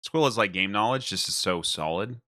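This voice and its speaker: Man stream host, low bright voice, dry sound, rambling self-mocking commentary. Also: animated, fairly quick, dry recording. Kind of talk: casual live game commentary.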